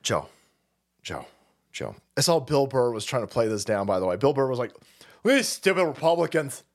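A man's voice: mid-range voice, moderate pace. A man hosting a livestream, ranting in a foul-mouthed, mocking way. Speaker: livestream host. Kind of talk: profane political rant.

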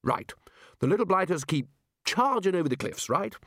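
A man's voice: high-pitched, very animated, normal speed, a bit bright, breathy edge, dry recording, studio quality, pitched above the performer's own voice, heavily acted. A man doing Ridcully, a blustering wizard chief. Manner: blustering, hectoring questions.

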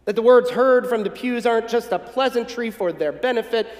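A pastor from the northern United States delivers a folksy, gently humorous sermon in a conversational way. His voice sits fairly high for a man. The recording carries a roomy echo with a long reverb tail from a church sanctuary. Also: fairly quick. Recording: echoey hall with long reverb.

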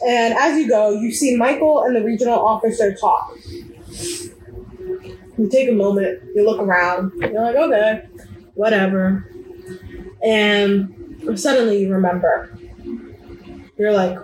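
A woman running a tabletop game as game master, narrating to a player in lively second person. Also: medium pitch, a little slow, long pauses, a little hiss or hum. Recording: roomy echoey room.

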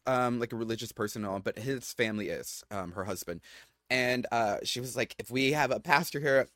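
A man co-hosting a podcast, telling a story in a chatty way, full of fillers and lively swings in pitch. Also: dry recording, studio quality. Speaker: podcast co-host. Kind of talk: casual chat.

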